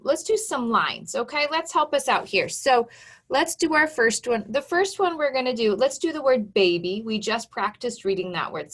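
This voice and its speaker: Casting: woman teacher for an early phonics lesson, unhurried and encouraging, spelling words out letter by letter. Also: a little high, fairly bright tone. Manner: slow, patient, encouraging, sounds out letters and syllables. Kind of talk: online phonics lesson for young children. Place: home.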